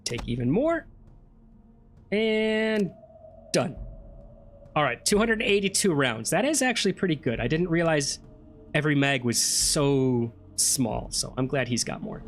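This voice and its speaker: A man's voice: a little high, sing-song, measured pace, pauses often, soft background music. A man giving chatty let's play commentary, thinking aloud and questioning himself as he plays an old computer game. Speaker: gameplay streamer.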